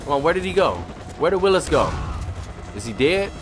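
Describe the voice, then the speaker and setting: A young man commenting on his game, cursing and trash-talking, and his voice jumps all over the place. Game music and gunfire play loudly behind him. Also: fairly high pitch, fairly quick. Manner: profane, excitable trash talk. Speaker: gamer commentator.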